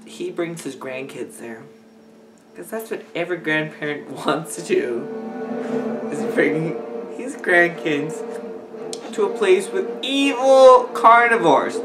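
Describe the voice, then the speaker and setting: A drunk man hosting a rambling comedic movie recap, slipping into squeaky impressions. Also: lively intonation, slow pace, music in the background, low-quality recording. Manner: slurring, rambling, bursts into shrill squeaky impressions. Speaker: host.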